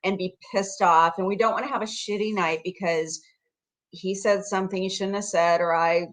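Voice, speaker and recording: A mid-pitched woman talks casually as a podcast guest. She sounds upbeat and laughs at her own jokes. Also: steady tone, moderate pace. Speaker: guest, coach and co-author.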